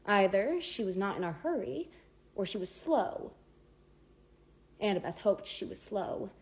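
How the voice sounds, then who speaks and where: A woman's voice: medium pitch, sing-song, a little slow, slightly rough. A woman reading a novel aloud with dramatic, varied pacing. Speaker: audiobook reader. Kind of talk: expressive book narration.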